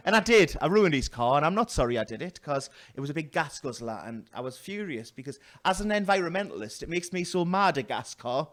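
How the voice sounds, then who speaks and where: A man doing a stand-up comedy set in a small venue, telling a story loudly with put-on voices and self-mocking asides. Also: on the high side, big pitch swings, a little fast, few pauses.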